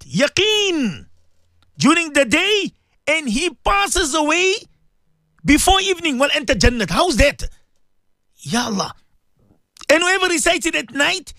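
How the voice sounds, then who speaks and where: A man hosts a morning sermon on the radio, high-pitched for a man and full of emphatic repetition. His gravelly voice leaps around as he fires rhetorical questions at his audience. The sound is dry and close to the studio microphone. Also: fairly bright tone, no room sound. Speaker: radio host giving a religious talk.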